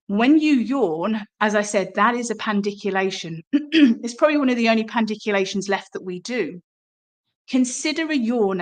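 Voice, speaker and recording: A woman teaching somatic movement, explaining calmly and drawing the listener in with rhetorical questions. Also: medium pitch.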